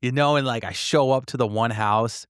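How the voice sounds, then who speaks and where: A man's voice: mid-range voice, normal speed, smooth, no room sound. A man telling work stories on a podcast in a loose, swearing style, often laughing. His voice sits in a middle register and is recorded dry and close, with no room sound. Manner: animated storyteller, acts out quotes, swears, laughs often. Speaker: podcast co-host, delivery driver. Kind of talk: casual podcast chat.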